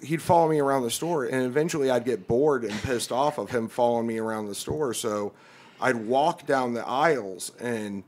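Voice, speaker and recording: A young male comedian spins a rambling anecdote on a podcast, cursing casually and jumping into loud, pitched-up impressions of the people he quotes. His voice sits at an ordinary middle pitch. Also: normal speed, a little hiss or hum. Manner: profane, animated storyteller who acts out quotes loudly. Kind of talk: casual storytelling among friends.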